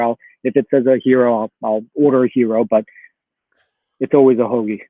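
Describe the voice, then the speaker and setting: A man's voice: medium pitch, a little fast, dry recording. Man from Philly on a tinny call line. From Philadelphia. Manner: relaxed, chatty, laughs often. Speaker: guest. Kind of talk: casual chat. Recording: tinny phone-like line, dry.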